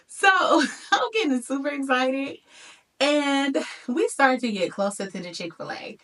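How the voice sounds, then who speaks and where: A woman in her thirties telling a personal story to her viewers in a lively, chatty way, talking to them as y'all. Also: sits high, measured pace, far from the mic. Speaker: vlogger.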